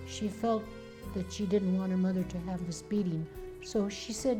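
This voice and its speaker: An older woman and memoir author telling her family's story in an animated way, acting out the people she quotes. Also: mid-range voice, normal speed, over music. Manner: animated, acts out quoted voices. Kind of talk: personal storytelling.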